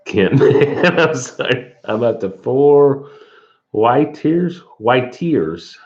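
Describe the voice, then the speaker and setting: A man hosting a casual livestream in a relaxed way, reading viewer comments aloud and answering them. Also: mid-range voice, very slow. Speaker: livestream host. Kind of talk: casual live chat. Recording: dull lo-fi livestream audio.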